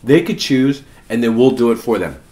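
A woman's voice: very deep voice, lively intonation, normal speed, mellow, slight background noise. A woman eating on camera with her child, chatting casually and coaxing between bites. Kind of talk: casual eating vlog chat.

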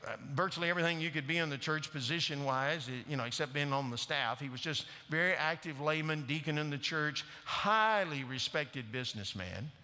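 A man's voice: fairly high pitch, fairly quick, hardly any pauses, sharp tone, long reverb tail. A man preaching a sermon in a church, earnestly and directly questioning the congregation. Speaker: guest preacher. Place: church sanctuary.

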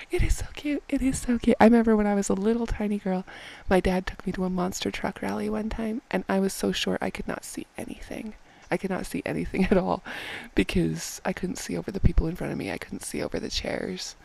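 Excitable woman with a gravelly edge. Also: mid-range voice, fairly quick. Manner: excitable, repeats phrases, often drops to a whisper. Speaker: game vlogger. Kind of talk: excited gameplay commentary. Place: home room at night, others asleep.

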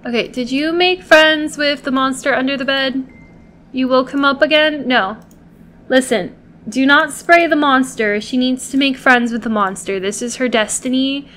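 A woman's voice: high voice, moderate pace, a bit bright, a little hiss or hum. A woman hosting a gameplay video, chatting casually to viewers and coaxing and pleading with the characters she controls.

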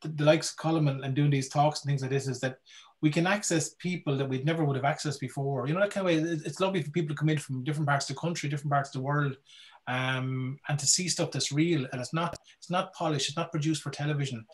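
A man talks quickly and with energy. He speaks as a folklorist in a relaxed talk and restarts his phrases as ideas tumble out. His voice sits a little high for a man. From Ireland. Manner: animated, repeats words while thinking. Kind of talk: casual talk with questions.

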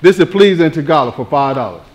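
A man's voice: on the high side, lively intonation, quick pace. A man leading a group activity in a casual classroom, joking and coaxing people to try. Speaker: instructor. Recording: echoey room with group chatter.

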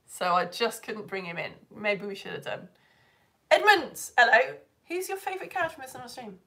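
A woman's voice: a little high, animated, a little fast, bright, forceful tone. A young woman teaching online, chatting with viewers on a live stream, bubbly and laughing often as she greets people by name. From United Kingdom.

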